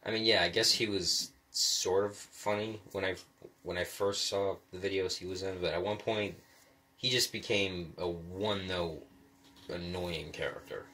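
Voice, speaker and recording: A man's voice: deep voice, moderate pace, slight background noise. A man delivering a rambling, profane rant to the mic, stammering and restarting often. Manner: rants, then calms into musing. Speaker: solo commentator.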